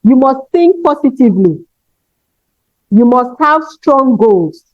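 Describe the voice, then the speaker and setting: Addressing a room of teachers, a high-voiced woman delivers a motivational talk, stressing each point and tossing in a quick "okay?" to check in. She sounds expressive, and the audio is dry, dull, and lo-fi with no room sound.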